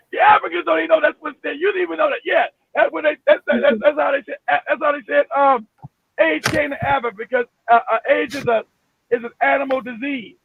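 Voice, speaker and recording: A man hosting a live stream, ranting with emphasis and profanity, often shouting and repeating himself. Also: very high-pitched, steady tone, fairly quick, gravelly, dry recording. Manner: repeats himself, many restarts. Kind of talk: heated live-stream rant. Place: home in Florida. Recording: phone-like, dry, narrow sound.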